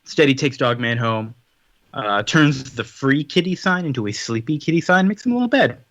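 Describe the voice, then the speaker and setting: A man co-hosting a podcast in casual chat, summarizing a story with quick acted-out quotes. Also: medium pitch, lively intonation, fairly bright tone, no echo, highs cut off. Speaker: podcast co-host.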